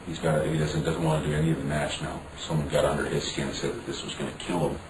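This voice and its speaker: A man's voice: rumbling low, little pitch movement, fast. A man being interviewed, telling a story frankly with some swearing and acting out what others said. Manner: frank, profane, acts out dialogue. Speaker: interview guest. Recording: roomy, distant mic, background noise.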